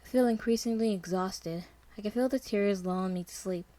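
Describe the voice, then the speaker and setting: A woman's voice: mid-range voice, a little fast, warm tone. Woman narrating a tense first-person story. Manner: dramatic, tense, fearful delivery. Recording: noisy background hiss.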